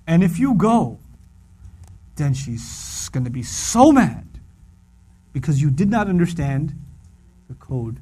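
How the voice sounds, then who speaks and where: A middle-aged man teaching a religious lesson in an animated, conversational way. His voice sits fairly high, and he repeats key phrases for emphasis. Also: a little slow, long pauses. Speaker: Quran teacher. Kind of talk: humorous religious lecture.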